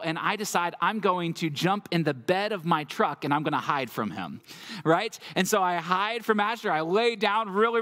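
High-voiced pastor preaching in a reverberant church. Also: male voice, a bit bright. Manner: conversational storytelling, then reading scripture aloud. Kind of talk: sermon. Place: church sanctuary.

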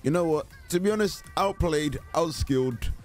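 A young man giving excited live commentary on a horror game he is playing, chatting to his teammates and the killer. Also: on the high side, normal speed, faint music behind. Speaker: gaming YouTuber.

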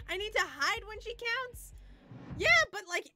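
A young woman streaming a game live, talking to her chat in excited, panicky bursts. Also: very high-pitched, slow, pauses often, slight background noise. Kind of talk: live gameplay commentary.

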